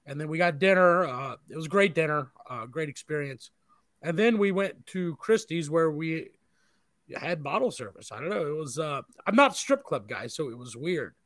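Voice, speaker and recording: A man with a slightly higher voice rambles through an anecdote, swearing freely and padding it with "like" and "uh." The sound is dry and close, with no room around it. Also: animated, moderate pace, a bit bright, no echo. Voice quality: profane, rambling storyteller. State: married. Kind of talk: casual storytelling chat.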